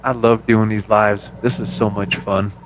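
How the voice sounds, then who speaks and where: A man from New Mexico hosting a casual live radio show, laid-back and quick to laugh, swearing casually as he tells stories. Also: fairly low pitch, little pitch movement, noisy background. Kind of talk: casual live-stream chat.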